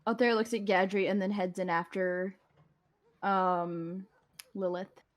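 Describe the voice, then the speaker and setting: A woman's voice: mid-range voice, flat delivery, unhurried. A woman playing a tabletop game, polite and chatty. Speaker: player.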